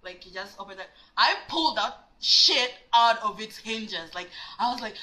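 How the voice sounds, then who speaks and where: A woman vlogger telling a personal story in a dramatic, animated way, cussing freely. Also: a little high, normal speed, hardly any pauses, rough recording. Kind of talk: storytime vlog.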